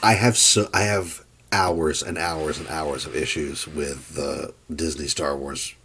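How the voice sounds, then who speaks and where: A man's voice: extremely low pitch, steady tone, unhurried, sharp tone, a little hiss or hum. A man in his thirties co-hosting a podcast, giving emphatic, opinionated takes on films in casual chat, swearing now and then. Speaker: podcast co-host. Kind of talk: casual film discussion.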